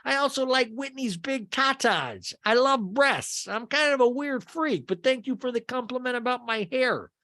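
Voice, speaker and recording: A high, dopey voice of a boastful rich man who overshares and drags out his words, as a man puts him on. He swoops up and down, and the sound is dry and close. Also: animated, pushed and bright, dry recording, exaggerated voice. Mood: goofy boastful. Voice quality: high, drawn-out delivery. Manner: goofy, oversharing.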